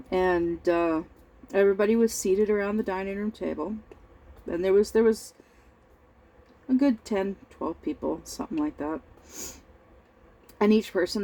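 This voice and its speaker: Tired middle-aged woman, slow halting storyteller, mellow voice, lots of throat-clearing and fillers. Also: medium pitch, low-quality recording. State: over-tired. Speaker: crafting vlogger. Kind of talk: casual storytelling while crafting.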